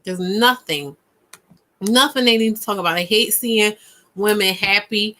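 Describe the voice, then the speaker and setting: A woman co-hosting a casual chat, talking emphatically and repeating her points with punch, dropping low and then bursting out loud and high. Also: unhurried. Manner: emphatic and ranting, with punchy repetition. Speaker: podcast co-host.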